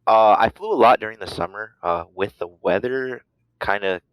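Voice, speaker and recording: Easygoing young man with a low voice. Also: moderate pace, no echo, poor audio. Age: 20s. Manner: easygoing, rambling, with many fillers. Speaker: guest, student pilot. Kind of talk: casual interview chat.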